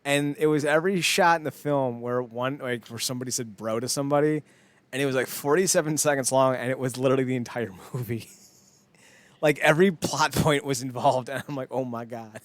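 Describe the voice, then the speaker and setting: A man's voice: mid-range voice, fairly even intonation, a little fast, no echo. A man co-hosting a podcast, chatting in a rambling, jokey way and laughing often. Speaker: podcast co-host. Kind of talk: casual chat.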